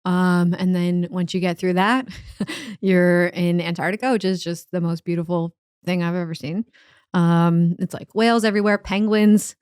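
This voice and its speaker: Northern irish lady comic chatting on a podcast, smooth voice, dead dry room. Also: fairly low pitch, steady tone, normal speed, darkish tone, no echo. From Northern Ireland. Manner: chatty, laughs often. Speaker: guest comedian. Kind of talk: casual chat.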